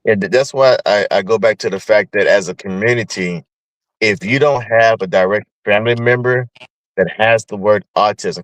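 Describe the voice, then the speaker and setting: Man, lowish voice, measured podcast host, dry close mic. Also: dry recording, poor audio. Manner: measured, explanatory. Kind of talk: podcast discussion.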